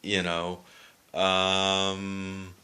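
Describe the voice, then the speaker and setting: A man's voice: low voice, completely flat delivery, very slow, bright, forceful tone, clear, resonant tone. A man with a southwestern Ontario Canadian accent, hosting a loose, rambling video lesson that demonstrates how words are pronounced. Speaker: video host explaining accents. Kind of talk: casual spoken explainer.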